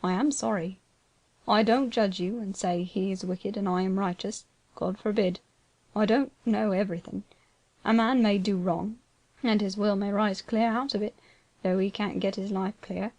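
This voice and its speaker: A woman voicing a grave, gentle, plain-spoken older male land agent, speaking quietly, slowly and solemnly. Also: mid-range voice, steady tone, no echo, close to an everyday voice.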